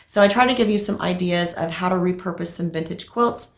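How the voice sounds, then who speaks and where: A middle-aged woman chatting casually to camera as a crafting vlogger, telling stories in a lively, animated way with plenty of fillers. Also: on the low side, a little fast, hardly any pauses, echoey room.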